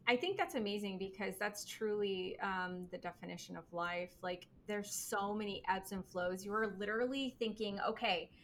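A woman's voice: mid-range voice, normal speed, few pauses, fairly bright tone, a little hiss or hum. A woman hosting an interview, answering her guest with enthusiastic, affirming chat. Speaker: podcast host. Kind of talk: conversational interview.

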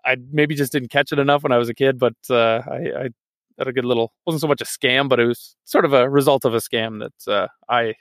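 A man's voice: mid-range voice, steady tone, a little fast, no echo. A man rambling through a casual podcast chat, often laughing. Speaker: podcast guest.

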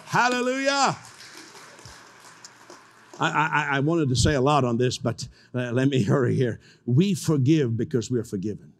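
An older man preaching a sermon as pastor, telling stories with animated acted-out voices. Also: medium pitch, moderate pace, gravelly, hardly any pauses, big-room sound. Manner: animated storytelling, acts out voices.

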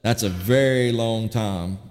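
A man hosting a recording of family memories, telling stories in a relaxed, folksy way. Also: lowish voice, takes it slowly, in a large hall. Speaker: host presenting family memories. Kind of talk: casual storytelling.

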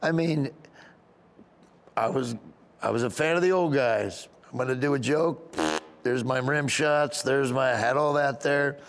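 A middle-aged man with a Southern US accent, a comedian telling stories in a casual interview, rambling and animated. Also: medium pitch, a little slow. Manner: rambling, animated, acts out other voices. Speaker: comedian guest.

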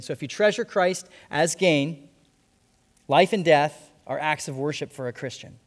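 Male pastor, slightly higher voice, earnest sermon delivery in a church with long reverb. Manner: earnest, repeats phrases for emphasis, slows on key lines.

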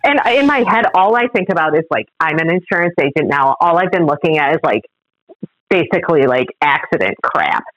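Animated woman telling a story, muffled. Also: deep voice, brisk, no echo. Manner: lively, animated storyteller who acts out the other people's lines. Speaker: podcast guest. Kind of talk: storytelling in a casual interview.

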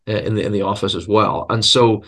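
A man's voice: on the low side, fairly even intonation, moderate pace, a bit bright. A man who is a seminary professor and preacher, answering interview questions in an earnest, reflective way with self-deprecating humor, often repeating words as he searches for phrasing.

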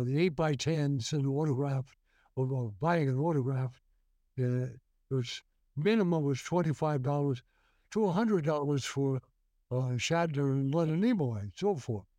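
Older male guest actor; rambling storyteller, warm dark timbre, close dry mic. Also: on the high side, expressive, a little slow, no room sound. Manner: rambling, many restarts and fillers. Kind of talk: storytelling interview.

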